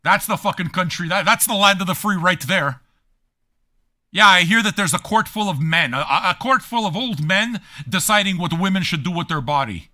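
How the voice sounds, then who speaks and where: Brief: male stream host, profane and combative, mocking his chat; bright, tense edge, lively swoops in pitch, sits a little high. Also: moderate pace. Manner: mocking, combative and crude, with laughing jabs. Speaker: DJ and livestream host. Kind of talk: profane rant at chat viewers.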